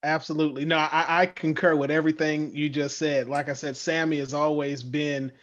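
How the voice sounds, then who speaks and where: A somewhat high-voiced male podcast host talks in an easygoing, chatty way. The sound is a little dull and lo-fi, and his speech flows freely. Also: little pitch movement, fairly quick, a bit bright. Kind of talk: casual interview.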